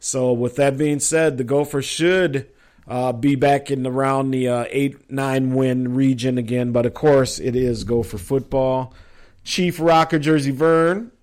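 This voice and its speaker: A man's voice: mid-range voice, steady tone, a little slow, a little mellow. A middle-aged man from Minnesota hosting a live sports talk show, chatty and rambling with lots of fillers.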